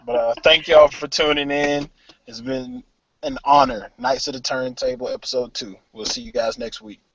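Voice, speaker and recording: A man's voice: a little high, sing-song, normal speed, gravelly, fairly bright tone. Laid-back male podcast host on a muffled call. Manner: laid-back, slangy, wraps up the show. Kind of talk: casual hip hop podcast chat. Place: outdoors behind a large store.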